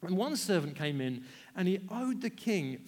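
A man preaching a storytelling sermon in an animated, conversational way, with self-deprecating asides. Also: high voice, normal speed. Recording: long hall reverb.

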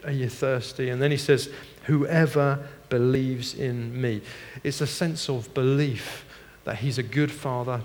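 A middle-aged man preaching a sermon as pastor, moving between hushed, earnest passages and animated, laughing stories. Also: mid-range voice. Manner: animated storytelling with laughs and shifts from hushed to loud. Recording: long hall reverb.

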